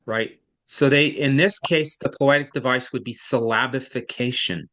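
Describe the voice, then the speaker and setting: A man's voice: mid-range voice, moderate pace, a bit bright. A man tutoring a student in reading, explaining patiently and at length, with frequent restarts. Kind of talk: one-on-one online tutoring.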